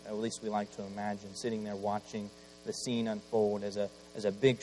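A man preaching a sermon while battling a cold, swinging from loud impassioned pleading to hushed, quiet passages. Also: fairly low pitch. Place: church. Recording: long hall reverb, faint mains hum.

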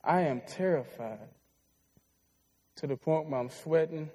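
A man's voice: fairly high pitch, measured pace, dark tone, rough recording. A man in his twenties preaching a sermon, telling a heartfelt personal story in an earnest way. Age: 20s.

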